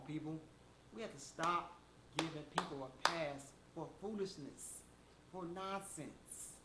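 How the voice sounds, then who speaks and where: A man with a fairly high voice delivers a motivational monologue, speaking emphatically and addressing listeners directly. The room is echoey, with a faint hum of ambience behind him. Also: fairly bright tone.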